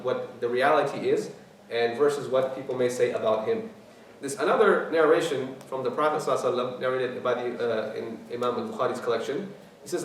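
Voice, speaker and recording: A man lectures as an imam, walking through the meaning of scripture and leaning on repeated key words. He talks fast and recites passages rapidly. His voice comes from a distance across a very reverberant hall with faint noise behind it. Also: medium pitch. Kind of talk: tafsir lecture. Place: mosque hall. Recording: very echoey hall, mic at a distance.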